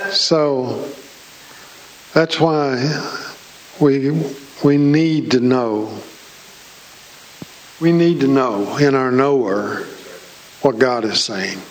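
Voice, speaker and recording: A man's voice: medium pitch, a bit bright, poor audio. A man preaching a sermon in church, folksy and joking with his congregation. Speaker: pastor.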